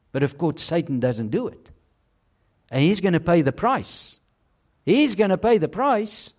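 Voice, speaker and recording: A man preaches a sermon with emphasis and rhetorical questions, dropping his voice low and quiet to stress key phrases.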